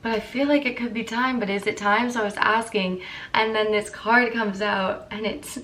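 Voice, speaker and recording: A young woman in her twenties with a croaky morning voice, chatting candidly and rambling to camera as a vlogger. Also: mid-range voice, steady tone, normal speed, fairly bright tone, far from the mic, a little hiss or hum. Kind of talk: casual chat to camera.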